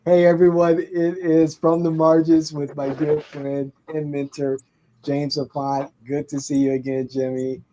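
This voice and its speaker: Mellow-voiced male host, friendly. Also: fairly high pitch, little pitch movement, unhurried, rough recording. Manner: friendly, hesitant with many fillers. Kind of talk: casual podcast chat.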